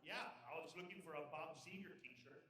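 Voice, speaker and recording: Bright-voiced man doing stand-up. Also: fairly high pitch, moderate pace, slight background noise. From South Texas. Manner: chuckles at his own jokes, jumps into loud character voices. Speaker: stand-up comedian. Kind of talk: live stand-up comedy. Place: event hall with live audience. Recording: echoey hall, picked up from far off.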